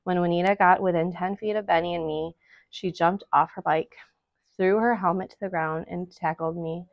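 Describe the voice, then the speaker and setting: A woman reads a children's novel aloud in a steady storytelling manner. Her voice is low, and the recording is dry and muffled, like lo-fi sound. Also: normal speed, gravelly, no echo. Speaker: school reader for families.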